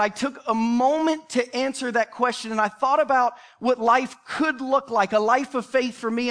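A man with a notably high voice preaches a sermon, telling his own story. He speaks in an earnest, confessional way, like a middle-aged pastor opening up to his congregation. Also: a bit bright.

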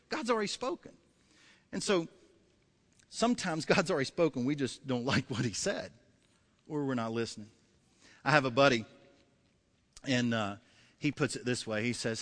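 A man's voice: mid-range voice, normal speed, pauses often, fairly bright tone, in a large hall. A male pastor preaching a sermon, emphatic and repeating key phrases, acting out voices.

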